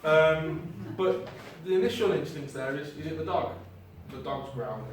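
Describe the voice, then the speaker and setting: A man's voice: fairly high pitch, normal speed. A man giving a casual, chatty talk to a live audience as a paranormal investigator, with plenty of ums and self-deprecating asides. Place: hall with an audience. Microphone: clip-on mic heard from a distance. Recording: very echoey hall, distant mic, noisy.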